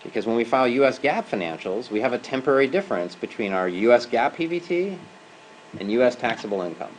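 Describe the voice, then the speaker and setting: A man's voice: medium pitch, lively intonation, fast, slight background noise, poor audio. Conversational male professor in a classroom. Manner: conversational, keeps checking in with "right?" and "okay?". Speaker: adjunct professor. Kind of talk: university lecture.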